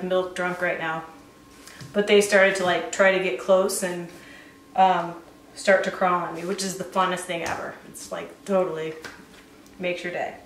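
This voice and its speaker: A woman breeder chatting casually as she shows a litter of puppies, often cooing at them in a high baby-talk voice. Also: a little hiss or hum. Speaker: dog breeder showing a puppy litter. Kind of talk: casual vlog chat. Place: indoor room with the puppies. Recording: roomy, distant camera sound.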